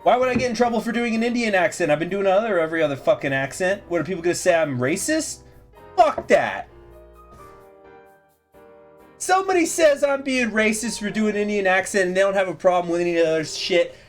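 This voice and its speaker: Male gaming streamer, loose and profane, very lively pitch, faint music behind. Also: fast. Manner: rambling, profane, self-interrupting. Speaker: livestream gaming host. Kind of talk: casual livestream chat while reading a visual novel.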